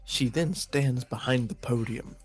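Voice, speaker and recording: A man hosting a let's play, reading the game's narration aloud in a drawn-out way between casual comments. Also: mid-range voice. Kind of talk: reading game text aloud and chatting.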